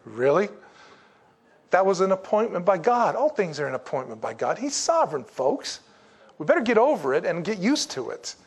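Pastor, male, high-pitched, jokes through a sermon and drops to low, quiet emphasis for weight. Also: big pitch swings, moderate pace, husky.

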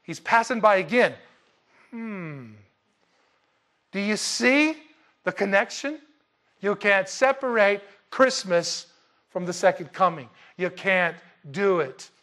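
A male pastor with a notably high-pitched voice preaches with great animation, booming out scripture and then dropping to a near hush. He throws in joking, conversational asides to the congregation. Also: takes it slowly, long pauses. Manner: animated, swings from loud emphatic reading to soft hushed asides. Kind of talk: sermon.

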